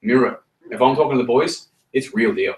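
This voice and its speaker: A man's voice: medium pitch, fairly quick. Brief: man, team leader, blunt and profane, recorded from across a roomy space. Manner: swears freely, repeats himself, straight-talking. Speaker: team leader running a meeting. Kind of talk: blunt motivational talk. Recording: roomy sound from a distance.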